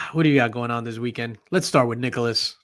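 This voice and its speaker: A man's voice: mid-range voice, fairly quick, a bit bright, no room sound. A tired man hosting a casual panel chat, joking around, swearing freely and laughing a lot. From half Italian, half Puerto Rican. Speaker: podcast host.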